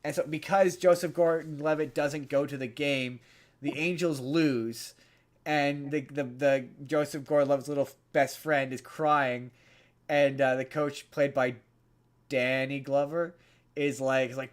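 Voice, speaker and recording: A man's voice: mid-range voice, fairly even intonation, measured pace. A man co-hosting a podcast in casual chat, retelling a movie plot in a rambling way with many restarts. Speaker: podcast co-host.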